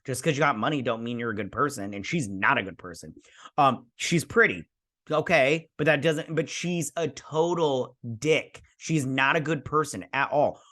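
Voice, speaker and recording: A man of middle pitch tells the story of an episode in loose, casual talk. He rambles through fillers and restarts, sounds sarcastic and fed up, and briefly mimics the characters as he goes. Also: animated, normal speed, bright, forceful tone. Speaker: show host reviewing a TV episode. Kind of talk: casual ranting recap.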